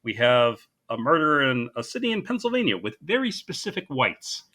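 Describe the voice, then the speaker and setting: A man co-hosting a casual podcast chat in a clear, bright voice. He gives measured, understated opinions, often easing in with a hesitant um before he makes his point. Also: medium pitch, sing-song. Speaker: podcast co-host.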